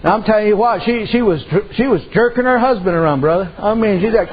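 High-voiced folksy preacher, lo-fi. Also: male voice, fairly quick. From Native American reservation community. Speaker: pastor. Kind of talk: sermon.

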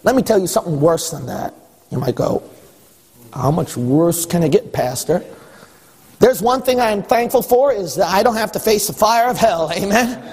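A man preaching a sermon as pastor, animated, acting out exchanges with God. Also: sits high, fairly quick, husky. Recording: echoey hall with long reverb.

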